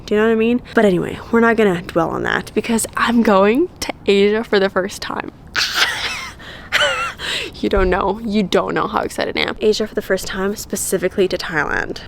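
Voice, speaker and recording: A young woman chatting casually to camera in a packing vlog, playful and quick to laugh, recorded at home. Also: mid-range voice, vocal fry, slight background noise. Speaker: vlogger.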